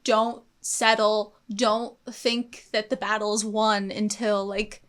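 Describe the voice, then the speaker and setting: A woman's voice: mid-range voice, little pitch movement, takes it slowly, a bit bright. A young woman co-hosting an anime reaction show, talking casually and enthusiastically, thinking aloud with fillers. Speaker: co-host of an anime reaction channel. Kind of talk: casual discussion.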